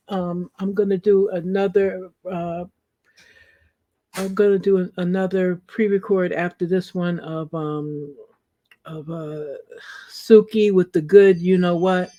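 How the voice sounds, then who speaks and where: A man's voice: high voice, fairly even intonation, slow pace, warm tone. A man hosting a casual solo review podcast, chatting loosely with many fillers while feeling unwell. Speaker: reality show reviewer and host. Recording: dull lo-fi sound.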